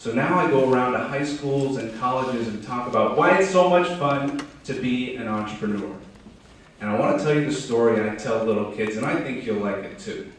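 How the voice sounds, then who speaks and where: A man giving a lively, folksy storytelling keynote to a crowd at a business start-up event. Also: medium pitch, moderate pace, slight background noise. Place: large hall. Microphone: distant from the mic. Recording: echoey hall from far off.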